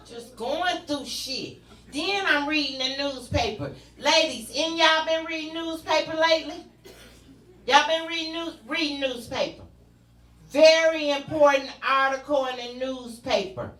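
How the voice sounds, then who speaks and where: A woman's voice: sits high, expressive, a little slow, pushed and bright, roomy sound, recorded from a distance, slight background noise. A woman performing a stand-up comedy set, telling brash, bawdy stories with punchy repetition. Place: comedy club stage.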